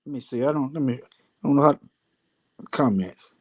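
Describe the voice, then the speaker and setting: A man leading a live scripture study, reading verses aloud slowly and breaking off for casual, plain-spoken commentary. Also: medium pitch, darkish tone, breathy edge. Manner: slow, deliberate reading broken by casual asides. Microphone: phone.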